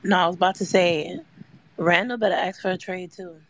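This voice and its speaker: A podcast co-host who drops in short, quiet remarks. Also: medium pitch, fairly even intonation, a little fast, slight background noise. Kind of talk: casual chat.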